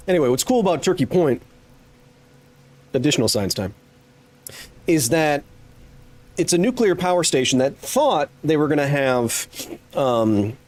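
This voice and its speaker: A man's voice: mid-range voice, a little mellow. A man in his thirties giving chatty, rambling live commentary while playing a game, with jokey asides to chat. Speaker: streamer.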